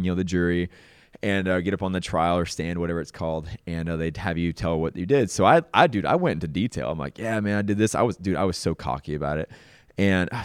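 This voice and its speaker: A man's voice: low-pitched, clear, resonant tone, no room sound, clean studio sound. A man casually telling a personal story as a podcast host, laid-back and self-mocking, often saying "dude". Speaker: podcast host sharing his testimony.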